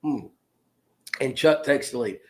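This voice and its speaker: A man in his 50s from Georgia in the US hosts a casual live stream, cracking jokes and reading viewer comments out loud. His voice is mid-range and his pace measured.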